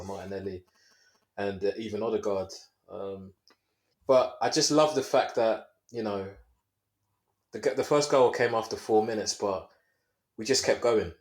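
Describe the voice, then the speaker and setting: A man co-hosting a football podcast, giving a measured, easygoing analysis of a match. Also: fairly low pitch. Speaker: podcast co-host.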